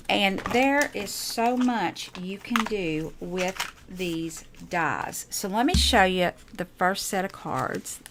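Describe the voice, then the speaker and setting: A woman's voice: medium pitch, fairly bright tone, a little hiss or hum. A woman chatting casually as she shows off her handmade crafts, gushing and repeating herself. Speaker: crafting channel host. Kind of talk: casual show-and-tell crafting chat.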